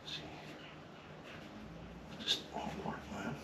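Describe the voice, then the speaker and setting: A man working on an old car engine and talking to himself, muttering quietly, with bursts of excitement. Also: on the low side, normal speed. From Scotland. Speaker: car restorer. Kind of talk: casual workshop commentary. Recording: roomy, distant, noisy workshop sound.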